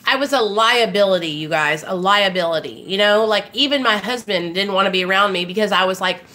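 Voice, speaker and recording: A woman's voice: mid-range voice, brisk, pushed and bright. A young woman from Arkansas, speaking candidly and emotionally to viewers on a casual live stream about her recovery. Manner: emotional, candid, talks to viewers directly with frequent fillers and swearing.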